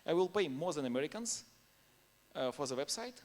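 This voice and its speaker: A man's voice: on the high side, expressive, a little fast, a little mellow. Man speaking non-native English at a conference. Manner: laughs between points. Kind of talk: conference talk.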